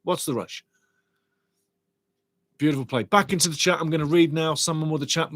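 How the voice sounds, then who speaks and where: A middle-aged man hosts a live football watch-along, calling the play with excitable, chatty energy. His voice sits a touch high, and the sound is dry and close with no room around it. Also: a little fast, long pauses, no echo. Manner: excitable, chatty, reads viewer comments aloud.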